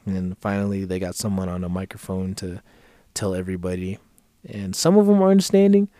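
A man's voice: sits low, fairly quick, warm tone, dry recording. A man co-hosting a podcast, telling a story in casual profane chat and acting out the people he quotes in a raised voice. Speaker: podcast co-host.

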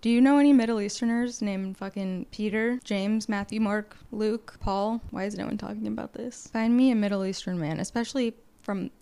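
A woman's voice: medium pitch, moderate pace, few pauses, dark tone, clear, resonant tone. A woman in her late twenties hosting a solo podcast, rambling candidly through a list of topics with frequent swearing and tangents. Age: late 20s. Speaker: podcast host. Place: indoors, seated on a low chair.

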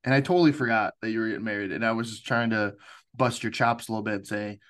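A man's voice: lowish voice, fast, fairly bright tone. A man hosting a podcast, chatting casually, teasing and laughing easily. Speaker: podcast host. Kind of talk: casual chat.

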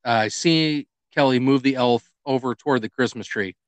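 A middle-aged man co-hosting a podcast, chatting casually and telling stories with lively acted-out dialogue. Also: mid-range voice, moderate pace, smooth, dry recording. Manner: animated storyteller, acts out quoted dialogue. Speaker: podcast co-host. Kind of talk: casual chat.

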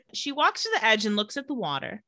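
A woman co-hosting a casual chat, retelling scenes with quick voiced quotes and laughs. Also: on the high side, bright, forceful tone, no room sound, clean studio sound. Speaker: podcast co-host recapping a TV episode.

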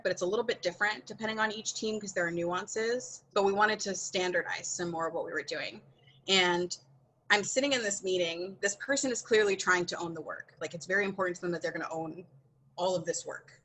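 A woman's voice: on the low side, bright, forceful tone, a little hiss or hum, low-quality recording. A woman from the United States, a podcast guest telling her own story in a candid, earnest way, often breaking into laughter.

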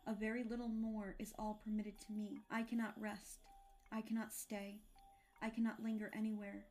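A woman's voice: mid-range voice, little pitch movement, moderate pace, darkish tone, soft background music, natural voice. A woman voicing a grim male ghost, a dead miser bound in chains, who speaks in a mournful, solemn, declaiming way.

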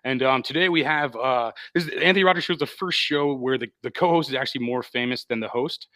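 A man's voice: medium pitch, fast talker, pushed and bright, no echo. A man hosting a live talk show, joking and rambling with many fillers. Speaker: podcast host. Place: restaurant.

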